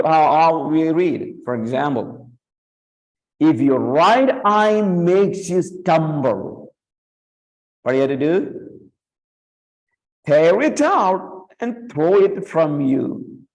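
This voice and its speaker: Slow-talking guy teaching a bible class, keeps saying "right?" and repeating himself. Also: on the high side, darkish tone, rough recording. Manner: repeats key words and checks in with "right?"; reads scripture quotes with raised emphasis. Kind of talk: classroom lecture.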